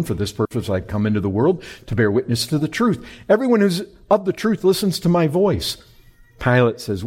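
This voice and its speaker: A man preaching a sermon, animated, swinging between loud high emphasis and quiet low lines. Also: slightly rough. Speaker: pastor.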